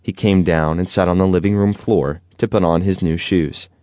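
A man narrating a children's audiobook in an expressive storytelling manner. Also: low voice, moderate pace, dry recording.

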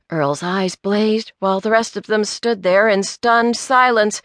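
A woman narrating a mystery novel in a clear, measured way. Her voice is bright and forward, with a dry, close studio sound and no room around it. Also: medium pitch, no echo. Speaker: audiobook narrator. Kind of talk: scripted narration. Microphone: close studio mic.

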